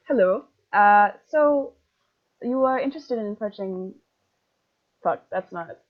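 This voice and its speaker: A woman voicing a wary, suspicious marketplace merchant, talking haltingly as she makes it up. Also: mid-range voice, lively intonation. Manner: hesitant, halting, makes it up on the spot. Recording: dull lo-fi sound.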